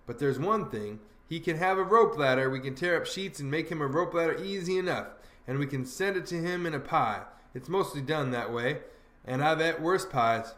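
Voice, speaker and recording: A man's voice: on the high side, moderate pace, a bit bright, natural voice. A man voicing a bossy, know-it-all teenage boy who lectures in folksy dialect, in an audiobook reading. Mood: lecturing. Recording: roomy echo.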